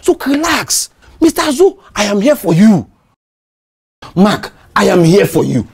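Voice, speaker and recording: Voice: medium pitch, big pitch swings, a little slow, creaky, slightly rough, exaggerated voice. An actor playing a scheming two-faced neighbour who soothes and plots, full of fillers and stammers, with a Nigerian accent.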